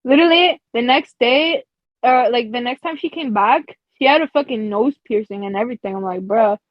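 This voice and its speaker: High-voiced woman telling a casual story. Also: fairly quick, no echo. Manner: casual, profane, laughs between phrases, many fillers like "like". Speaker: podcast co-host. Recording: dull lo-fi dry recording.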